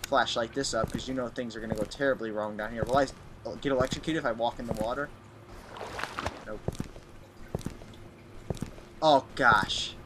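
A man's voice: mid-range voice, fairly even intonation, moderate pace, pauses often. A young man commenting on a horror game as he plays, jumpy and mocking himself as he talks to himself. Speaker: gaming YouTuber. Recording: noisy home recording with clicks.

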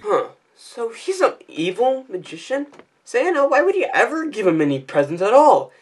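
A young man giving a casual movie review, excitable and ranting, with frequent stumbling restarts. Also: extremely high pitch, normal speed, slightly rough, faint music behind. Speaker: YouTube reviewer.

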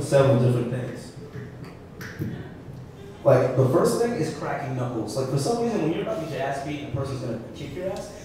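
Guy doing live stand-up, animated self-mocking story, super echoey, mic far off. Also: on the high side, background noise. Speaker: stand-up comedian. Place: comedy venue. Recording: echoey room heard from a distance.

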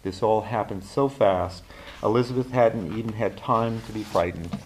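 A man, an author, reading his novel aloud in a measured, deliberate way at a university reading. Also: on the low side, a little hiss or hum, low-quality recording.

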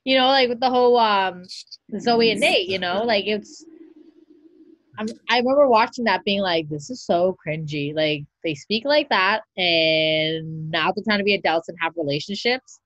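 A woman podcast co-host in casual chat, ranting in an exasperated, animated way. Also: medium pitch, moderate pace, dry recording, highs cut off.

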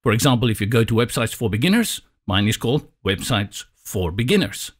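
South African man, native Afrikaans speaker, tutorial instructor, dry and a little sarcastic, patient step-by-step delivery, mid-pitched voice. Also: very animated, fairly quick. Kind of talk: screen-recorded software tutorial.

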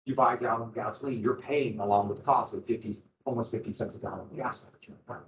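A man teaching a history class, lecturing in an animated way and quizzing his students as he goes. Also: medium pitch, fast talker. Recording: echoey room, dull lo-fi sound.

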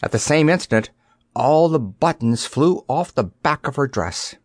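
Man reading a storybook, lively voice, dry booth sound. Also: medium pitch, unhurried, no room sound. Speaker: audiobook narrator. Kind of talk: scripted narration.

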